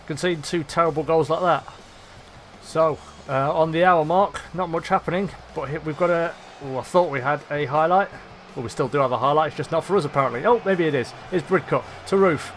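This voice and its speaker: A young man commentating live on his football management game, swearing and shouting at his players. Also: on the high side, brisk, slight background noise. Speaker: gaming commentator.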